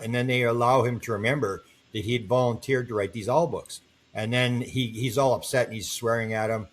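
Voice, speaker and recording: A man's voice: medium pitch, a little fast, slight background noise. Older man telling stories animatedly. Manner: animated storyteller, acts out quoted voices. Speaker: guest. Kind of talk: storytelling in a podcast interview.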